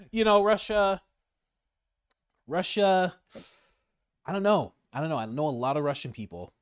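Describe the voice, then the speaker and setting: Male commentator, animated and emphatic, slightly high voice, dry recording. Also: moderate pace, pauses often, clean tone, dry recording. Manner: animated, laughing, emphatic repetition. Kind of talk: casual political commentary.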